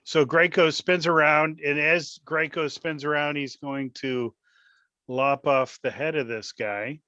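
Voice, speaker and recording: A man's voice: a little high, fairly even intonation, unhurried, bright, forceful tone, no room sound, muffled recording. A man playing a tabletop game, describing his character's actions in a wry, matter-of-fact way. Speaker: player. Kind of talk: casual chat.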